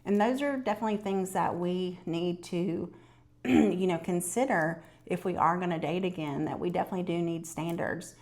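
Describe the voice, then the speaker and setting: A woman's voice: fairly low pitch, normal speed, a little mellow. A woman in her fifties vlogging to camera, chatting casually and telling stories with lots of fillers. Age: 50s. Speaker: lifestyle vlogger.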